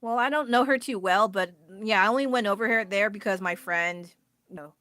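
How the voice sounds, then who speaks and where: American woman rambling on a phone livestream, bright tense voice, dry close sound, laughs a lot. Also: mid-range voice, normal speed, dry recording. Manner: chatty, rambling, laughs often, answers chat. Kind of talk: casual livestream chat.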